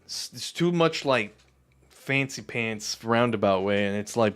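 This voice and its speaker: A man's voice: medium pitch, animated, measured pace, a bit bright, smooth. Blunt, swearing male streamer. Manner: blunt, profane, laughing asides. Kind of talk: casual live-stream reaction chat.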